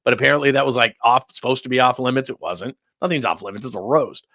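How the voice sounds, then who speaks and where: Rambling incredulous middle-aged man, bright tone. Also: mid-range voice, fast, dry recording, studio quality. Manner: rambling, incredulous, stammering restarts. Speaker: sports talk host. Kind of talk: casual sports talk rant.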